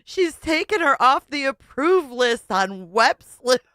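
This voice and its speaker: A woman's voice: high-pitched, big pitch swings, takes it slowly, pushed and bright, dry recording, studio quality. A woman YouTube commentator reacting to a clip in an incredulous, sarcastic way.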